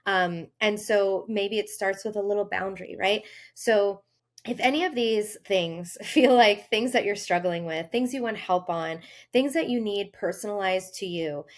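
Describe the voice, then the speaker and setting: A woman hosting a health podcast, talking earnestly in a casual monologue and acting out inner voices with sudden lifts in pitch. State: briefly tearful. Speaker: health coach and podcast host.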